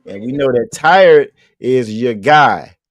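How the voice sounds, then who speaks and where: A man leads a language lesson over a video call. He speaks at an ordinary middle pitch and keeps repeating his questions patiently, with easygoing jokes for the class. The sound is dry and close, with no room around it. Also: lively intonation, takes it slowly, no echo. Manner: patient, repeats questions, casual joking with students. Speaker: language teacher. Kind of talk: online class teaching vocabulary.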